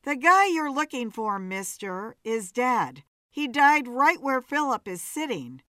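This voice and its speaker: In a storybook reading, a woman plays a blunt, wisecracking bartender with a lively, swooping voice. She speaks slowly and bluntly, and the sound is dry and close. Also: on the high side, no echo. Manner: blunt, wry.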